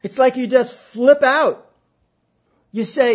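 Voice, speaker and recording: Slow, high-voiced man giving a spiritual talk. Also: muffled recording. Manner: slow, halting, emphatic with pauses and repetitions. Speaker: spiritual speaker.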